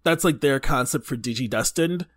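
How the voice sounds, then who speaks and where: A man's voice: medium pitch, normal speed. A man chatting casually as a podcast guest, rambling through fillers and tangents. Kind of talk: casual chat.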